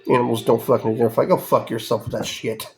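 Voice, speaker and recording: With soft music underneath, this podcast host speaks quickly in a medium-pitched, steady, slightly mellow voice. His angry, swear-laden monologue includes mocking impressions.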